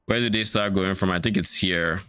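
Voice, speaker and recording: A man's voice: deep voice, steady tone, a little fast, sharp tone, smooth, dry recording, soft background music. A man streaming a game, casually thinking aloud about loot and swearing now and then. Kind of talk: casual gameplay commentary.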